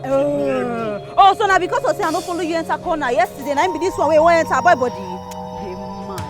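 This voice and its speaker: An actress playing a sharp-tongued bus conductor, arguing loudly with a Nigerian accent. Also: female voice, high-pitched, lively intonation, fast talker. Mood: combative. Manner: loud, argumentative, mocking in Pidgin. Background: background music.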